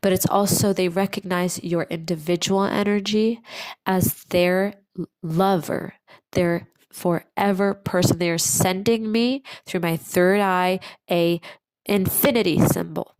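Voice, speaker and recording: A woman giving a channeled tarot reading to her viewers, speaking slowly and soothingly and repeating phrases for emphasis. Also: lowish voice, steady tone, a little mellow, smooth, no room sound, rough recording. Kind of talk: channeled pick-a-card reading to camera.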